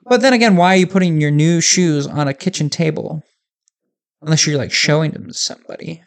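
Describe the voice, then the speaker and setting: A man's voice: on the high side, animated, brisk, vocal fry. Rambling, joking male podcast host. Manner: rambling, joking, many fillers. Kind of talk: casual podcast chat.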